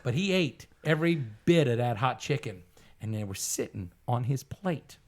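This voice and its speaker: A man, a podcast guest and comedian telling a comic story in a lively, drawling way. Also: mid-range voice, moderate pace. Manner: lively, drawling storyteller who acts out other people's voices.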